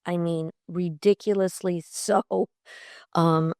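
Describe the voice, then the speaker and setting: A middle-aged woman from Long Island, New York, appears as a podcast guest in a conversational interview, chatting enthusiastically with lots of fillers. Her voice is on the low side, slow and steady, a little mellow, clear and resonant. The recording is clean studio sound with no echo.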